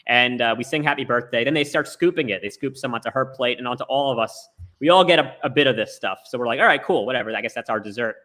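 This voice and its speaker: Male storyteller: quick, forceful, chatty, filler-heavy, remote call. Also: mid-range voice. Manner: rambling storytelling full of "like" fillers. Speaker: storyteller on a talk show. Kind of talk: casual chat. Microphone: remote video call.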